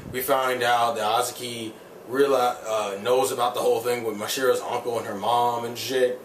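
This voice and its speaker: A man's voice: medium pitch, flat delivery, moderate pace, a little hiss or hum. A man giving a casual, rambling spoken review of an anime episode, heated and profane, with many fillers. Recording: roomy sound from a distant mic, faint ambience.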